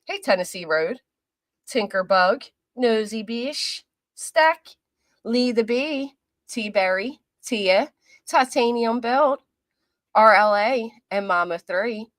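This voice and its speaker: A woman's voice: fairly high pitch, expressive, slow pace, fairly bright tone, dry recording. Woman livestream host, casual and chatty, roll-call greetings, dry close sound. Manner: chatty and friendly, reading out viewer names. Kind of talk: casual chat greeting live viewers. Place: apartment.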